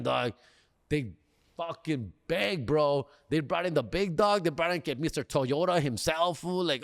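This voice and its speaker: A man tells a casual, comedic story on his podcast, mixing in Spanish slang and quick impressions of the salesmen. His voice sits a little high for a man and sounds dry and close to the mic, with no room sound. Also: expressive, creaky, no room sound.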